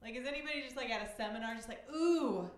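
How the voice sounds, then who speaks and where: A woman from Oklahoma with a slightly high voice tells wry, deadpan stand-up stories. She breaks into quick voiced quotes along the way. The sound carries the echo of a small comedy club. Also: a little hiss or hum. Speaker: stand-up comic. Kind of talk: stand-up set at an open mic.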